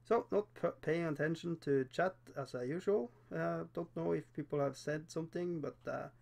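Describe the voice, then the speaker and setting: Norwegian guy streaming his miniature painting, english isn't his first language, kinda high voice, rambly and laughs at himself a lot. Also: vocal fry, darkish tone. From Norway. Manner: chatty, self-deprecating, laughs often, halting with fillers. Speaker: livestream host painting miniatures. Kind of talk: casual livestream chat while painting.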